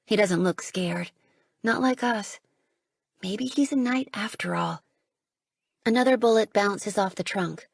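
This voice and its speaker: Female audiobook narrator, mid pitch, husky texture, dry booth. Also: a little slow, long pauses, dry recording. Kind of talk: first-person audiobook narration.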